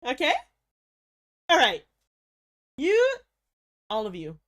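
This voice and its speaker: A woman's voice: fairly high pitch, animated, moderate pace, fairly bright tone. A young woman livestreamer chatting casually with her viewers, swearing freely, laughing often and playing up mock outrage. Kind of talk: casual stream chat.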